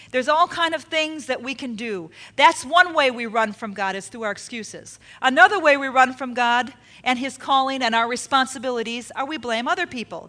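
A woman preaching a sermon, expressive, acting out the quotes she tells and dropping her voice low for emphasis. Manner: expressive, acts out quotes with dramatic drops in volume.

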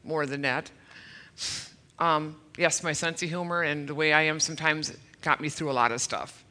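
A woman in her fifties shares her testimony at a church service, her voice bright and forceful. She speaks earnestly and emotionally, a touch nervous, and slips in self-deprecating humor. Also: low voice, steady tone, normal speed. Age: 50s. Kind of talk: personal testimony.

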